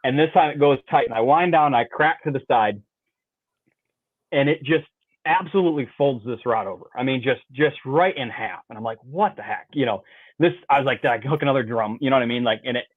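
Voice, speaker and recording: A man's voice: medium pitch, brisk, no echo. Male angler guest on a tinny line. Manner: rambling, fills with "like" and "you know", mimics sounds. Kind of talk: animated storytelling. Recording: tinny dry phone-like line.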